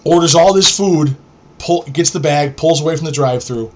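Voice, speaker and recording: A man's voice: a little high, moderate pace. A middle-aged man from New York, a podcast host telling stories in a blunt, profane, rambling way. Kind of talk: casual storytelling.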